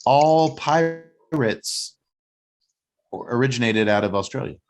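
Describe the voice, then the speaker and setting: A man's voice: medium pitch, animated, slow pace. A man hosting a casual talk show, rambling and joking as he recaps a movie plot. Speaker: podcast host.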